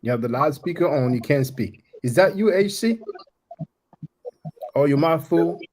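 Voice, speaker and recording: A man hosting a live stream with guests talks bluntly and mockingly, confronting his callers. His voice sits on the high side with a darkish tone, lively intonation and a moderate pace.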